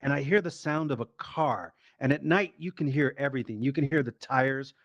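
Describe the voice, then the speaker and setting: A man doing stand-up comedy, telling a story in a lively, profane way and acting out the voices of the people in it. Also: mid-range voice, a little fast, no room sound, muffled recording. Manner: animated, profane, acts out quoted voices.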